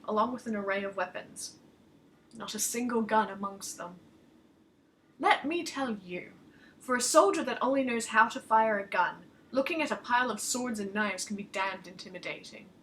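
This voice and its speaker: A woman author reading her own short story aloud in lively first-person narration. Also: fairly high pitch, moderate pace, a little hiss or hum.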